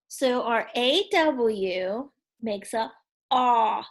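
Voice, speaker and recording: A woman teaching young children a phonics lesson, in a patient, encouraging way. She speaks very slowly and clearly in a slightly high voice. She often asks the children to repeat sounds back to her.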